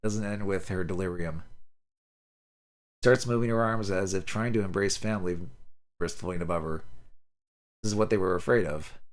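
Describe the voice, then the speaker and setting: A man streamer reading a game's story text aloud in a dramatic, expressive way, sometimes correcting himself. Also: low-pitched, moderate pace, long pauses.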